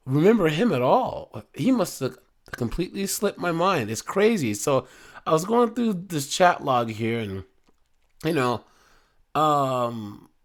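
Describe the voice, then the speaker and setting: A man hosting a casual true-crime commentary, talking in a loose, rambling way full of fillers. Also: a little high.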